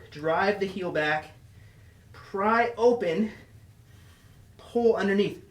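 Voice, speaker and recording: A man's voice: sits high, measured pace, pauses often, reverberant, distant mic. A man coaching a follow-along workout with short, encouraging cues, out of breath as he exercises along. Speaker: fitness instructor.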